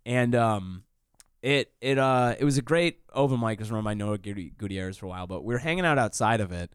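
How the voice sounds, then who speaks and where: A man, a comedian telling a profane, animated story in casual chat, jumping up in pitch when he quotes himself. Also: a little fast, clear, resonant tone, dry recording, studio quality. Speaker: comedian guest.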